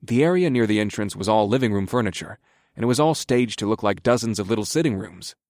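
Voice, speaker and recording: A man narrating a story in the first person in a relaxed, conversational way. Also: lowish voice, quick pace, no echo, studio quality. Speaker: audiobook narrator.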